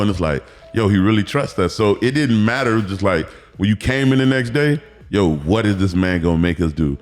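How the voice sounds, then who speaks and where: Animated storytelling man, low voice. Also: brisk, hardly any pauses, faint music behind. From Miami, Florida. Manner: animated storytelling, acts out quotes, profane. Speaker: guest, former football player. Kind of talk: casual podcast interview.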